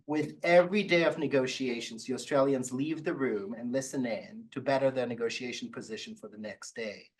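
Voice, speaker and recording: A law professor giving an academic talk, telling stories with wry, playful asides. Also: male voice, medium pitch, rough recording. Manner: lively storytelling with wry asides. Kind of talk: academic lecture.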